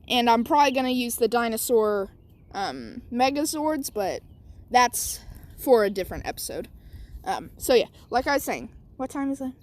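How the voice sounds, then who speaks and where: A woman telling her own fan story casually, rambling and correcting herself as she goes. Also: on the high side.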